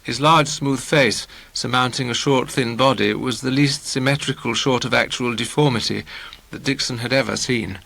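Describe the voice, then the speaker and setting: A man narrating a novel in a measured, wry storytelling manner. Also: medium pitch, vocal fry, sharp tone, poor audio. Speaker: audiobook narrator.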